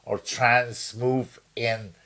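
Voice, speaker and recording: A man's voice: medium pitch, flat delivery, extremely slow, sharp tone. Rambling man with many fillers. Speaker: podcast co-host. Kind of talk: crude casual banter.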